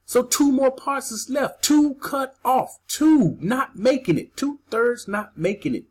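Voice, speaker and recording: A woman's voice: high-pitched, expressive, a little slow, hardly any pauses, darkish tone, husky. A woman preaching a sermon, emphatic, repeating key phrases and asking her listeners questions.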